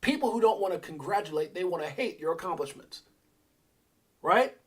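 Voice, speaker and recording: Middle-aged male livestream host, husky and higher-pitched, preachy and fired up, shouts out his chat. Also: expressive, moderate pace. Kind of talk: energetic motivational livestream rant.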